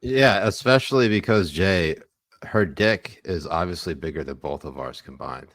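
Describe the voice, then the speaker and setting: A man with a very low voice trades crude, mocking banter as a podcast co-host. He laughs often, and the sound is dry and close. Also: moderate pace, a bit bright, no room sound. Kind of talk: casual political banter.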